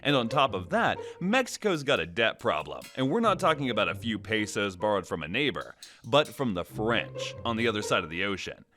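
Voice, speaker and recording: A man's voice: fairly low pitch, very animated, a little fast, few pauses, pushed and bright. A man telling history in a scripted, jokey comedic narration full of puns. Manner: jokey, punning, playful. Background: background music.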